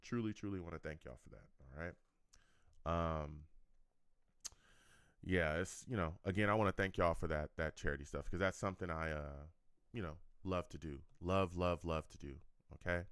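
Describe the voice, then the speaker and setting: A man's voice: low voice, moderate pace, smooth, dry recording, studio quality. A young man hosting a sports live stream, reading viewer comments in a casual chat and repeating himself with frequent laughs. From California. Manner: animated, laughs often, repeats phrases.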